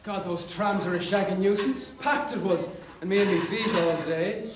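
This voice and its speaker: An actor with an Irish accent playing a bossy, indignant 1950s Irish husband in a comedy sketch, scolding and lecturing. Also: male voice, high-pitched, normal speed, echoey room, background noise, natural voice. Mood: blustering.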